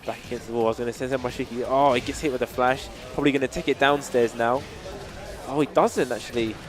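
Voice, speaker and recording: A man doing excitable, analytical play-by-play for a fighting game tournament. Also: medium pitch, fast talker, music in the background. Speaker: co-commentator. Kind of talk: casual esports commentary.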